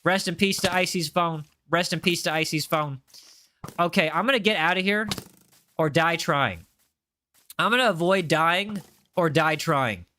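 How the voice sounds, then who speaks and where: Bright, high-voiced young male streamer. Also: unhurried. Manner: playful, teasing, repeats himself for comic effect. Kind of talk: casual live-stream chat while gaming.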